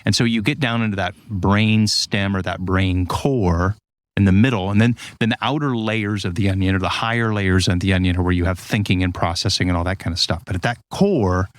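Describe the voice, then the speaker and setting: A man in casual conversation, explaining ideas through lively stories and acted-out quotes. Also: sits low, a little fast, no room sound. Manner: animated storyteller, acts out quotes.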